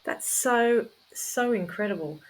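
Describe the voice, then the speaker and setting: A woman's voice: fairly high pitch, slow pace, low-quality recording. A woman interviewing a guest, hesitant and admiring, restarting sentences as she responds. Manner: warm, hesitant, reacting with praise. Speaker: interviewer, host. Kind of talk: conversational interview.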